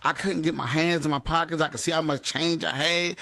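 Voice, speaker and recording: A man's voice: fairly high pitch, steady tone, fairly quick, gravelly, pushed and bright. A man hosting an interview, laid-back and curious, joking around in casual chat. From DMV area, USA. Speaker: interview host.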